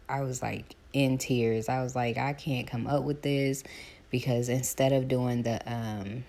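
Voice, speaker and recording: A woman, chatting casually to her viewers while doing her hair, animated as she retells her calls. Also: very deep voice. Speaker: vlogger.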